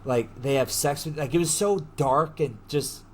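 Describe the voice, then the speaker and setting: A man hosting a podcast, retelling a story in a casual, animated way, full of slang and swearing. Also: a little high, normal speed, a little hiss or hum. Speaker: podcast host. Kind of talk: casual chat.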